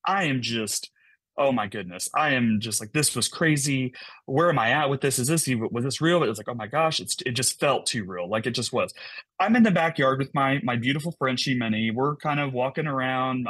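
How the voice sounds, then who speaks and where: A man, a podcast guest, telling an emotional personal story in a fast, animated way, often repeating words. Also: mid-range voice, no echo.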